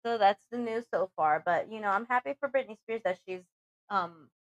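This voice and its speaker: A woman's voice: mid-range voice, moderate pace, lo-fi sound. A woman co-hosting a radio talk show, chatting casually with frequent giggles and fillers.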